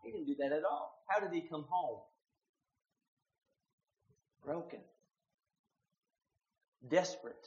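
A man preaching a sermon, swinging from hushed, quiet lines to loud, emphatic ones. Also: a little high, expressive, takes it slowly, long pauses, roomy sound, highs cut off.

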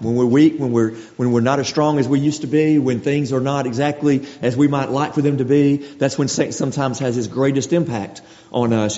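A man of medium pitch and warm tone gives a conversational sermon, repeatedly restarting his phrases and performing quotes. The audio is dull, trailed by a long hall reverb.

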